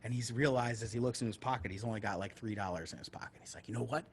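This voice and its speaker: A man's voice: fairly low pitch, fast talker, a little hiss or hum. A man co-hosting a podcast who tells a long story casually, swearing freely and acting out the voices of the people in it. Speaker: podcast co-host.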